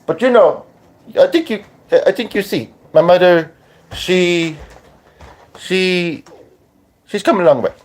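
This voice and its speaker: A friendly, wry spirit of a man, put on by a man channeling him. His voice sits well above the performer's own, light and lifted. The tone is gentle, with dry little jabs. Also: high voice, lively intonation, slow, long pauses, voice pushed up. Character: friendly deceased man in his early forties from India.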